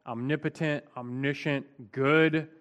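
A man teaching through a scripture passage as a preacher, at an average pitch for a man. He talks conversationally and with emphasis, dropping in a casual "like" as he goes. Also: steady tone, takes it slowly, a bit bright, clear, resonant tone, highs cut off. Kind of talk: expository Bible teaching.

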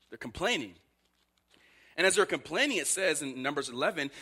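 Man preaching, higher voice, animated rise and fall, punchy rhetorical questions. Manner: emphatic rhetorical questions, voices grumbling Israelites. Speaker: pastor. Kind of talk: sermon.

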